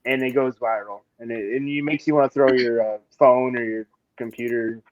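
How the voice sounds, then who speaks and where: A man's voice: medium pitch, steady tone, normal speed, a little hiss or hum. A man co-hosting a streamed chat show, rambling enthusiastically through his stories. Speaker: podcast co-host. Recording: dull lo-fi stream mic.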